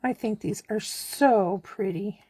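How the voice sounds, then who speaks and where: A woman from Canada giving a relaxed, chatty card-making tutorial, talking as she works. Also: medium pitch, slow pace, husky, no echo. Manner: chatty, relaxed, talks while working. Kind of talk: casual craft tutorial.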